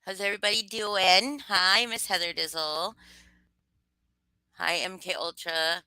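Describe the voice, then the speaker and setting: A young woman chats with her livestream viewers, calling out names and jokingly telling them off. Her voice is bright and forceful, pitched a little low, and recorded close and dry with no room around it. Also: steady tone, a little slow, long pauses, smooth, dry recording. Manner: jokey, greets viewers by name, mock-rude teasing. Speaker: livestream host greeting chat. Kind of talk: casual livestream chat.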